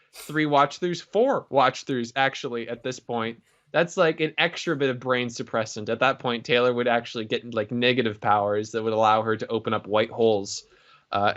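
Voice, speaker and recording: A man of average pitch co-hosting a podcast, rambling through jokes and tangents with lots of filler words. His audio is a little dull and lo-fi. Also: fairly even intonation, moderate pace, a bit bright. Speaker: podcast co-host. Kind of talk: casual podcast chat.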